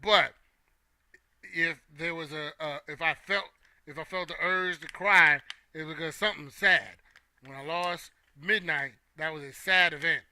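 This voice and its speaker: A man's voice: fairly high pitch, measured pace, pushed and bright, clean tone. A young man hosting a casual opinion talk, playful and joking with his chat. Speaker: host.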